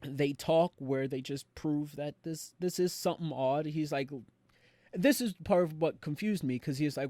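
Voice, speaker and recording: A young man on a podcast, animatedly retelling a show with quick voiced quotes. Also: a little high, warm tone, no echo. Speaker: podcast co-host. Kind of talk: casual recap chat.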